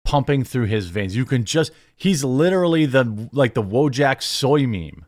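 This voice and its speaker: A man rants sarcastically as he reacts to a video clip, stumbling and restarting his sentences as he goes. The sound is dry and close, and his voice sits at an ordinary pitch. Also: expressive, a little slow, few pauses, a little mellow, dry recording. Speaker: commentary host. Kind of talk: reaction commentary.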